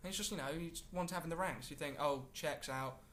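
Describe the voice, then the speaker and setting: A man's voice: on the high side, brisk, fairly bright tone, a little hiss or hum. A man co-hosting a casual football podcast, talking in a rambling way with many fillers. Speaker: podcast co-host.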